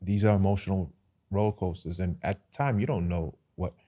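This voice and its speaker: A man from Brooklyn, hosting a casual interview podcast and talking in an animated, slangy way with frequent laughter. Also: sits low, brisk. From Brooklyn, New York. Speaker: podcast host.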